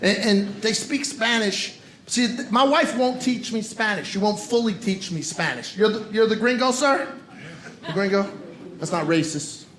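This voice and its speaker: A man's voice: sits high, normal speed, a bit bright. A man doing a stand-up comedy set, teasing the audience with punchy crowd work. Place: comedy club stage. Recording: roomy club with crowd noise. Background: audience laughter.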